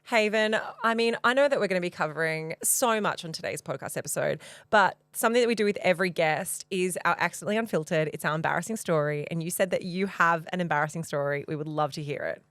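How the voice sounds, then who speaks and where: A woman's voice: fairly low pitch, quick pace, a bit bright, dry recording. A woman with an Australian accent co-hosting a podcast, asking a guest long, curious questions. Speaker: podcast co-host. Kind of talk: casual interview chat.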